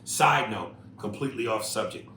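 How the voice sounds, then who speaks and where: A man co-hosting a casual podcast, reading listener emails and riffing on them in a profane, animated way that jumps loud and high when he makes a point. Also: moderate pace. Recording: roomy echo with faint noise.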